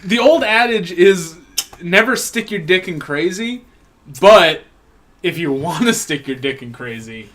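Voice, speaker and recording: A man with a slightly high voice, co-hosting a podcast. He rambles through crude stories in casual banter, laughs a lot and acts out the people he quotes at full volume. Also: animated, a little slow, a bit bright. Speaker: podcast co-host.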